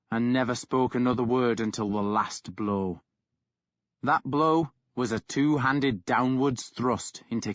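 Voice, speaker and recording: Slow, grave male audiobook narrator. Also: mid-range voice, fairly bright tone, no room sound, dull audio. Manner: slow, measured, grave storytelling. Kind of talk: scripted narration of a historical novel.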